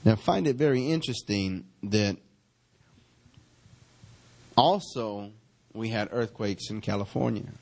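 Man, pastor, gravelly, husky, fervent church sermon. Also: lowish voice, a little mellow. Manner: fervent preaching, drawn-out calls of hallelujah. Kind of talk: sermon and prayer. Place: church sanctuary.

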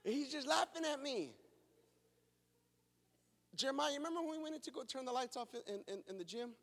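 A man preaching a sermon, telling self-mocking personal stories in an animated way in a church building. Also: very high voice, fairly quick. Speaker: pastor. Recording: long reverb of a large hall.

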